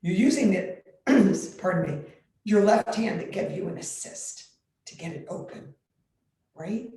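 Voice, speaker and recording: Slow-talking woman leading chair yoga. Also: mid-range voice. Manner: calm step-by-step instructions, clears throat often. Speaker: yoga instructor. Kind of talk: guided chair yoga class. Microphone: computer mic. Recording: very echoey room on a computer mic.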